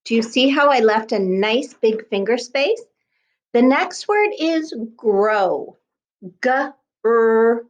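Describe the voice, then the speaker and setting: A woman teaching a kindergarten class by video, speaking slowly in a sing-song way and sounding out words letter by letter. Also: on the high side, animated, dull audio. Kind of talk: remote lesson for young children.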